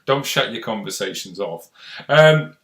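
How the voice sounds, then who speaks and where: A man's voice: lowish voice, expressive, unhurried, a bit bright, roomy sound. A man hosting a casual live-stream chat, chatty and rambling in an encouraging way. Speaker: host.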